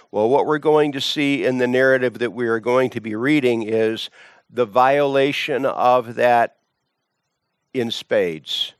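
A man's voice: medium pitch, no room sound, clean studio sound. A man teaching from the Bible, emphatic, often repeating words and restarting phrases.

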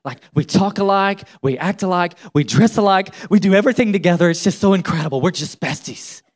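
A man's voice: high-pitched, a little fast. A man voicing a bubbly teenage girl gushing about her best friend, with a breathless, giddy manner.

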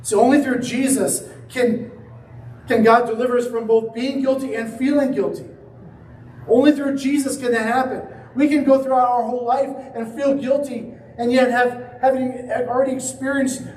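High-voiced preacher, echoey and distant. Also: male voice, fairly even intonation, moderate pace, a little mellow, a little hiss or hum. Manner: storytelling with acted quotes. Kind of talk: sermon.

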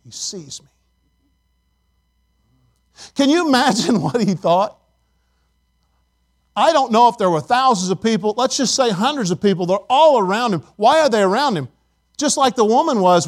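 A middle-aged male pastor preaching a sermon emphatically, calling on the congregation for responses. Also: very high voice.

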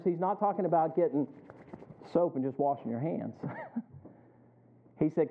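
A man's voice: on the high side, lively intonation, normal speed, long pauses. A man preaching a sermon as pastor, often asking the congregation to finish his sentences. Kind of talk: sermon with call-and-response questions. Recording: thin phone-like sound.

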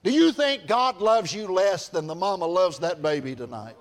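A man with a high-pitched voice preaches to a congregation in church. His delivery is emphatic and folksy, full of repeated phrases that climb into shouts. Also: expressive, normal speed, few pauses. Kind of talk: evening sermon to a congregation. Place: church service before a congregation.

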